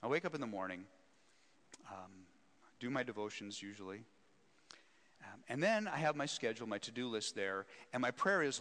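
A man who leads a seminary, telling a story in an animated, self-mocking way during a teaching talk. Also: mid-range voice, moderate pace, pauses often. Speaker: seminary president, speaker. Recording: echoey hall.

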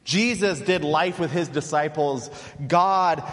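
Chatty pastor in a reverberant hall. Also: male voice, fairly high pitch, slow, fairly bright tone. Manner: conversational, many fillers. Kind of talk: sermon.

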